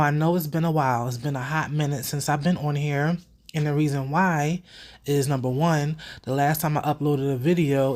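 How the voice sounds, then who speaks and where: A young woman talks to her viewers in a loose, animated commentary, swearing without a second thought. Her nose is still a little stuffy from a cold, so her voice comes out slightly blocked. She keeps it casual, like she is catching up with friends. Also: low voice. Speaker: vlogger host.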